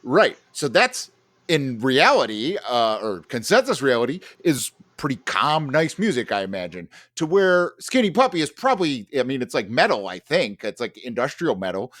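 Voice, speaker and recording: A man's voice: medium pitch, very animated, normal speed, fairly bright tone, no room sound, studio quality. Rambling man telling a trip story. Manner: rambling storytelling full of fillers. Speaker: podcast host. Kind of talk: casual podcast chat.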